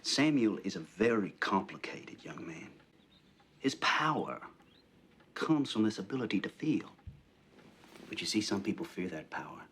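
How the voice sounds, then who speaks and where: An actor playing a middle-aged male reverend who speaks in an earnest, measured way. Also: lowish voice, sing-song, fairly bright tone, a little hiss or hum.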